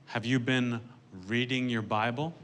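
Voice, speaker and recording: A man's voice: medium pitch, level tone, unhurried, a bit bright, clear, resonant tone, close to an everyday voice. A male comedian voicing an elderly grandmother who is polite, patient and pointedly repetitive. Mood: sweetly stern. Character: prim, sweetly stern elderly grandmother.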